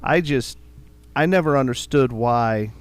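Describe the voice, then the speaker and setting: A middle-aged man co-hosts a casual podcast, talking in a relaxed, rambling way. He repeats words as he thinks out loud. His pitch sits in the middle range. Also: a little slow, clear, resonant tone. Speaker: podcast co-host.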